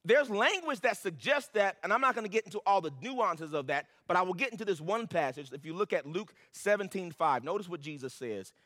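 A man's voice: high voice, lively intonation, a little fast, few pauses, fairly bright tone. Man, pastor, sermon, emphatic repetition, long hall reverb. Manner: preaching, building to emphatic peaks with repeated phrases.

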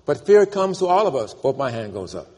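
A man's voice: mid-range voice, big pitch swings, a little fast, dark tone, breathy edge. A man preaching a sermon, emphatic and calling on the congregation to repeat after him, in a church. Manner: emphatic, calls for congregation responses. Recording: long church reverb.

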